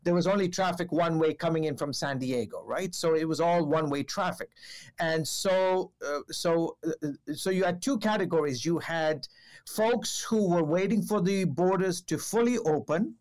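High-voiced guy reporter telling a story on a podcast, lots of uh and restarts, acts out the quotes. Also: moderate pace. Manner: animated storyteller, many fillers and restarts; acts out quoted exchanges with raised pitch. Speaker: television reporter.

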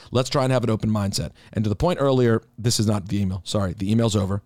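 Excitable man in a dry studio. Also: very fast, few pauses, dry recording. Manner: excitable, rises in pitch when arguing. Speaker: podcast co-host. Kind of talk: casual wrestling podcast chat.

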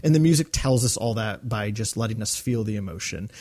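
A man's voice: lowish voice, animated, a little fast, a little mellow. Man, podcast co-host, casual fan chat, enthusiastic, rambling, fillers.

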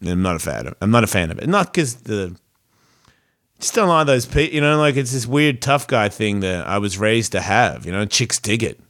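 A man's voice: fairly low pitch, sing-song, moderate pace, a bit bright. Rambling, profane man telling a story. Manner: rambling, profane, self-reflective, restarts often. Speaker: podcast host. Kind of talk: casual storytelling monologue.

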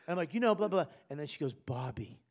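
A middle-aged man with a high, lively voice swinging up and down as he tells a story. He swears freely and talks with big, animated energy in a casual comedic chat. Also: racing.

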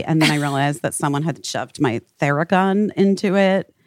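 A woman hosting a live podcast chat on stage, telling stories in a lively, profane, casual way. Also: sits low, a little fast, no room sound, clean studio sound. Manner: animated, swearing storyteller. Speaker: podcast host.

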